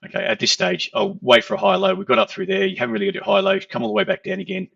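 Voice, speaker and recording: A man's voice: high voice, expressive, racing, gravelly, a bit bright, no room sound. A man walking through trading charts in a conversational lesson, often checking in with "okay". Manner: explanatory, conversational, repeats "okay". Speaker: trading educator. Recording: dull lo-fi, distant from mic.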